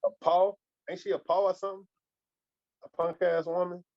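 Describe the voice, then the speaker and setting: A woman's voice: on the low side, little pitch movement, normal speed, dull audio. A woman co-hosting a casual book-club podcast, asking questions and throwing in slangy reactions. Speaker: podcast co-host.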